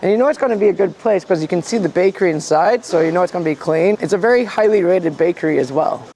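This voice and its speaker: A man's voice: high-pitched, quick pace, vocal fry, warm tone. A man with a stuffy nose, playfully reviewing pastries in a casual outdoor food vlog. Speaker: food vlogger in costume.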